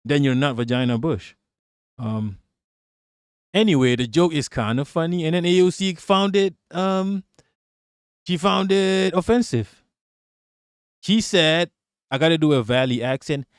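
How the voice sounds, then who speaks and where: A man hosts a live political stream, talking back to chat and swearing as he rants. His voice sits slightly high for a man. The recording is dry and close, with no room sound. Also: normal speed, clean tone, no room sound. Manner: profane, ranting, talks back to chat.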